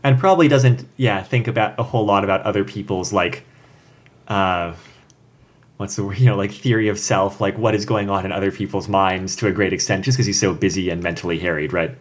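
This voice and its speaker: A man's voice: deep voice, a little fast. A man casually discussing a book chapter with friends, rambling and filling with "like" and "you know". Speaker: podcast co-host discussing a book.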